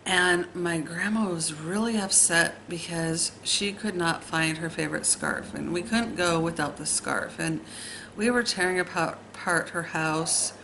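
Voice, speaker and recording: A woman telling a personal ghost story in a hesitant way, pausing often with fillers. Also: fairly low pitch, bright, forceful tone, a little hiss or hum, low-quality recording. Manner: slow, hesitant, with many pauses and fillers.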